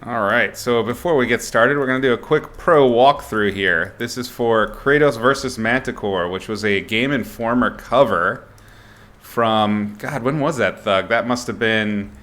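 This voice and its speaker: A man's voice: mid-range voice, measured pace, fairly bright tone, soft background music. A man illustrator chatting casually with viewers as he sketches on a live stream, greeting people and thinking aloud.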